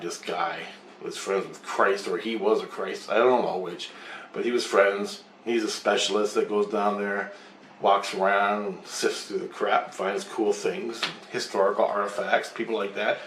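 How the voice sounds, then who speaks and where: A man's voice: lowish voice, fairly bright tone, far from the mic, a little hiss or hum. A man telling a long rambling story in casual chat, swearing often and acting out both sides of the talk. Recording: roomy echo.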